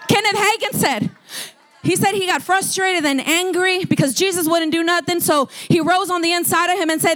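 Very high-pitched, this female pastor starts her sermon in quiet storytelling, then builds to long, loud shouted proclamations, frequently repeating and restarting her words.

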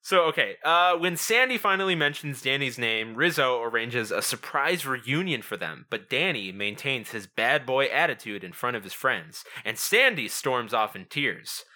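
A man's voice: mid-range voice, expressive, normal speed, hardly any pauses, bright, forceful tone. A young man co-hosting a podcast, rambling in casual chat and reading out plot summaries. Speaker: podcast co-host.

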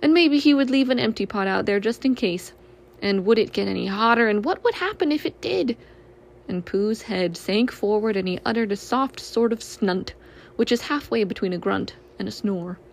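A woman gently and expressively reading a children's storybook aloud. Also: mid-range voice, animated, moderate pace, vocal fry.

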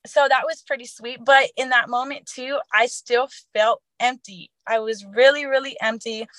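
A woman's voice: fairly high pitch, steady tone, normal speed, fairly bright tone, dry recording, poor audio. A young adult woman telling a personal faith story in a casual, earnest way, with many fillers and restarts. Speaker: guest sharing her testimony.

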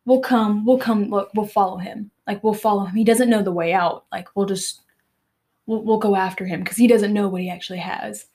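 A young woman voicing a greedy, murderous cave creature in a shrill, frantic way while retelling a storybook chapter. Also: fairly even intonation, a little fast, mellow, close to an everyday voice.

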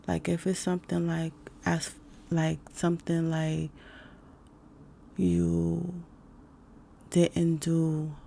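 A woman with a low, dark, deeply gravelly voice gives an unhurried self-help talk. She is casual and slangy, leans on fillers, and drops to a soft whisper when she demonstrates breathing exercises. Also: completely flat delivery, a little hiss or hum. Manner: laid-back and slangy, with many fillers.

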